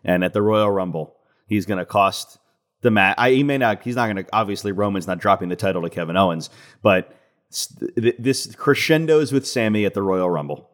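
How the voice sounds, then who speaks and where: A man with a lowish voice speaks fairly quickly as a podcast co-host, chatting casually in a playful, jokey manner.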